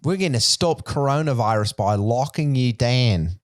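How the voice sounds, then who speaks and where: A man's voice: medium pitch, lively intonation, normal speed, no echo, studio quality. A man co-hosting a podcast in casual chat, rambling with many likes and restarts. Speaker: podcast co-host.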